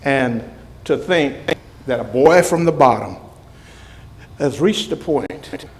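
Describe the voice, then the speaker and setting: A man's voice: medium pitch, expressive, a little hiss or hum, poor audio. An older man from Mobile, a retired news anchor giving a heartfelt speech and telling joking stories. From Mobile, Alabama. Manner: slow, warm storytelling with joking asides.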